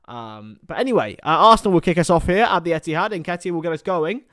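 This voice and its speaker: A man streaming live fan commentary on a football match, excitable and rambling, chatting with his viewers between calls of the play. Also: fairly high pitch, quick pace, few pauses, dry recording, studio quality.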